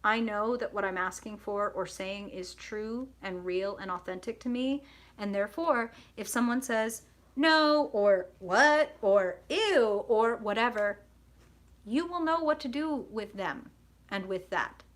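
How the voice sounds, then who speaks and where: Profane, animated woman tarot reader. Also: mid-range voice, unhurried. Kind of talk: live-streamed tarot reading.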